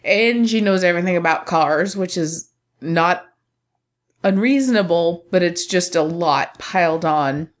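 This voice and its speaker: A woman's voice: lowish voice, a little slow. A woman co-hosting a casual film review podcast, giving opinionated takes in long, winding runs.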